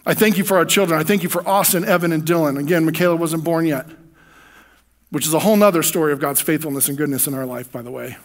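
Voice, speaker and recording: A man's voice: on the high side, quick pace. An American man preaching from the pulpit, telling a personal testimony in an earnest, emotional way.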